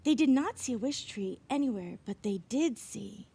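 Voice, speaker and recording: A woman reading a children's storybook aloud outdoors, gentle and expressive, sometimes dropping into whispered asides. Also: fairly high pitch, moderate pace, creaky, slight background noise. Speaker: reader. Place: outdoors in winter. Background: birds chirping.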